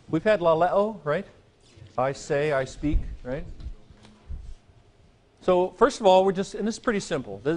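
Chatty male Greek teacher lecturing. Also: a little high. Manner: chatty, joking asides, frequent "okay?" checks. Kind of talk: classroom lecture.

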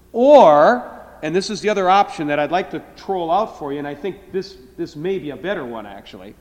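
A middle-aged professor lectures to a class, stretching his words and restarting as he explains. His voice sits high for a man. The sound carries a long reverb from a lecture hall. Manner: explains slowly, drawing out words, with filler restarts. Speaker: Greek professor.

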